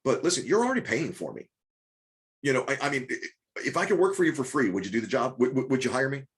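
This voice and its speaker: Fast-talking, coaxing male business coach. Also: medium pitch, big pitch swings. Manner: rapid, repetitive restarts, coaxing and rhetorical questions. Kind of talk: live group coaching call.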